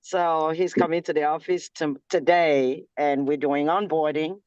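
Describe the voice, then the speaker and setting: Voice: medium pitch, fairly even intonation, a little slow, a little mellow, clear, resonant tone, dry recording. A team leader on a group video call, sharing good news in an upbeat, emphatic way. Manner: upbeat, exclamatory, preachy. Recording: dull lo-fi call audio.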